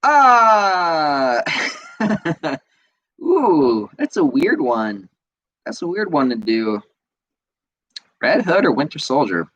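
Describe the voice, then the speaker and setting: A man's voice: medium pitch, big pitch swings, takes it slowly, pauses often, breathy edge, muffled recording. Profane ranting man hosting a podcast. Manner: angry, profane, repeats himself, frequent fillers. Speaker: podcast host. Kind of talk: casual solo podcast rant.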